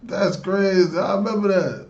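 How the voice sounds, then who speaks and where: A man's voice: high voice, moderate pace, a little mellow, muffled recording. A man hosting a reaction video, casually riffing on slang with profanity and frequent laughter. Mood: amused.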